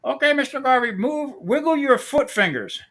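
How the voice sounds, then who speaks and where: A man impersonating a fussy male sleep-clinic technician, his voice pushed well above the speaker's own and a little louder. The instructions come out slow and polite, the same way each time. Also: very high-pitched, expressive, voice pushed up, heavily acted. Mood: instructing.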